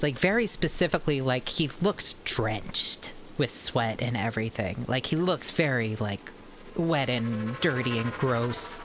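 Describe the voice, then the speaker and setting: A woman streamer with a Maryland accent talks casually over a game, rambling from one tangent to the next. A clear, steady hiss of background noise sits under her voice the whole time. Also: a bass voice. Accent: Maryland American. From Maryland, USA. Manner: rambling, chatty, drifts into tangents. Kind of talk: casual gaming stream chat.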